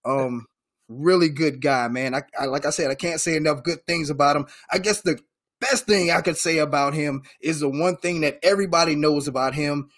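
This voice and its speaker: A man's voice: a little high, moderate pace, a bit bright. A man from Georgia hosting an interview, chatty and friendly, tossing in "man" often. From Georgia, USA. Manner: friendly, says "man" often, hype-style introductions. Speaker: host. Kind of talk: casual interview talk.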